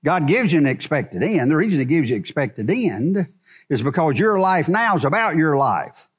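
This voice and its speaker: A man's voice: a little high, very animated, moderate pace, husky. A man preaching a sermon to a congregation in a church, asking rhetorical questions as he goes. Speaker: pastor.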